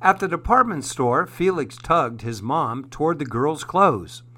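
A man hosting a program, reading a children's story aloud in a gentle, measured way. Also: fairly high pitch, animated.

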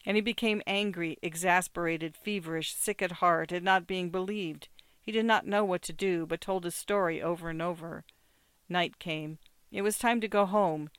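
A narrator reading short stories aloud in a measured, steady way. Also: mid-range voice, clean tone, no room sound.

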